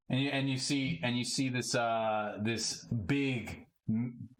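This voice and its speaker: A man's voice: mid-range voice, fairly even intonation, measured pace, poor audio. A man narrating as game master in a loose, rambling way with many fillers.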